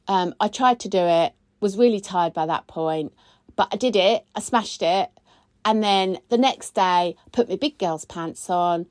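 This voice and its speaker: Lady host chatting away, mid-pitched voice, dry close sound, voice shoots up when she's excited. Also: no room sound. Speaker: podcast host, spiritual coach. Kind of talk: casual weekly chat.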